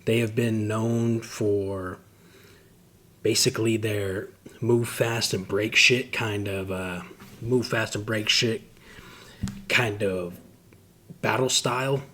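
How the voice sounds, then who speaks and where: A man's voice: fairly low pitch, steady tone, slow pace, pauses often, pushed and bright, a little hiss or hum. Laid-back, cussing man reacting to footage. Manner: laid-back, swears freely, trails off with fillers. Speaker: host reacting to combat footage. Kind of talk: casual reaction commentary.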